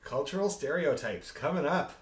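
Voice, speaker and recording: A man leads a beginner fiddle class online, talking in a loose, rambling way with chuckles between points. His voice sits a little high. The room around him is noticeably echoey. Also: lively intonation, normal speed. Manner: chatty, rambling, chuckling asides. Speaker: fiddle teacher. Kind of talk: online group music lesson.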